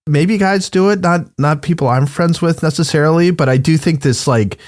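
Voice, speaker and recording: A man's voice: fairly high pitch, normal speed, dry recording, studio quality. A man on a podcast speaking hesitantly and thoughtfully with many fillers in casual chat. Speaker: podcast co-host.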